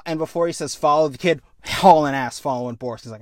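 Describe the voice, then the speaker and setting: Animated man pitching a film story. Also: fast, dry recording, studio quality. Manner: animated, acts out characters with profanity. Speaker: podcast co-host.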